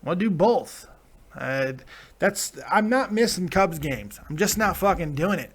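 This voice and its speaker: A tired man with a high, expressive, slightly breathy voice hosts a live reaction stream at a measured pace. He casually reads chat comments aloud, swearing and laughing often.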